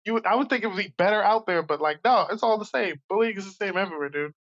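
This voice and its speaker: A man from Brooklyn, a podcast guest telling animated stories from his youth. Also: high voice, rapid-fire, muffled recording. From Brooklyn, New York. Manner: animated, acts out voices in stories. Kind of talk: casual storytelling.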